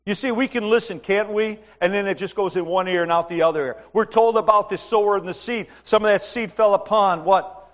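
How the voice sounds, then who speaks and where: High-pitched middle-aged male pastor. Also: a little fast, hardly any pauses. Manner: conversational, asks the congregation questions; tells personal stories with humor. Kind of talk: sermon.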